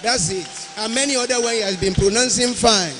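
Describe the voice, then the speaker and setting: A man with a Nigerian accent, a pastor presenting a testimony to a congregation in a slow, patient, coaxing way. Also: high-pitched, a bit bright. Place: large church convention hall. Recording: echoey hall with long reverb.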